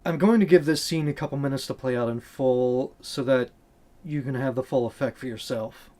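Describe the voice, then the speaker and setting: A man hosting a video essay, with a voice of ordinary pitch. He speaks earnestly and bluntly, in a conversational tone. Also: moderate pace, mellow, slight background noise.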